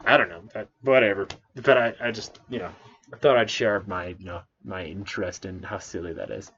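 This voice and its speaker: A man's voice: on the low side, fairly quick, fairly bright tone, slightly rough, lo-fi sound. A man reading a Bible passage aloud and commenting on it in an amused, rambling way with self-corrections.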